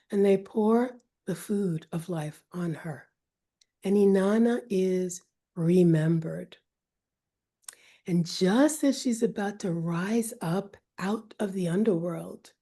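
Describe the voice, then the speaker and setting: Woman storyteller, slow and warm-toned, measured and dramatic, drops to whispers. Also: medium pitch. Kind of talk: oral myth storytelling.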